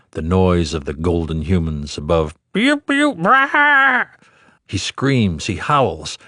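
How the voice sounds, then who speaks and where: A man narrating a literary audiobook in a measured, rhythmic reading of dense prose. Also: deep voice, dry recording, studio quality.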